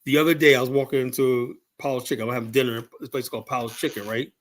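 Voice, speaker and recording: A man's voice: medium pitch, fairly even intonation, fast. A man from the United States, a podcast guest, talking bluntly and heatedly, swearing freely as he tells stories. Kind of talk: casual podcast debate.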